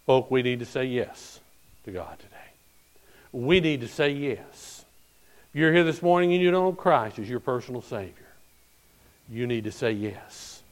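A man's voice: medium pitch, expressive, moderate pace, pauses often. Folksy preacher man telling a story. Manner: folksy storyteller, repeats "I'm telling you", swings from hushed to loud. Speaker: pastor. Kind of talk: sermon.

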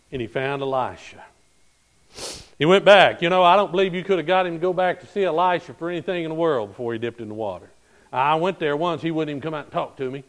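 Pastor guy preaching, folksy storyteller, slightly high voice, hushed then loud. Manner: folksy storyteller, repeats "I'm telling you", swings from hushed to loud. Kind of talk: sermon.

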